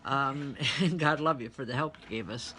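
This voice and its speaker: Bright-voiced woman giving a spiritual reading. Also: extremely low pitch, normal speed, a little hiss or hum. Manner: chatty, speaks straight to online viewers, relays spirit messages. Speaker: spiritual medium and reverend. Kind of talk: live online spiritual reading.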